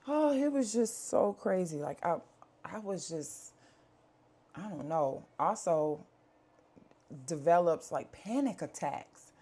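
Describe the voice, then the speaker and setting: Low-voiced woman chatting candidly to camera. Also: expressive, takes it slowly, pauses often, warm tone, breathy edge. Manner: earnest, chatty, with many fillers and asides. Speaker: vlogger. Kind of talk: candid life-update talk to camera. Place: home.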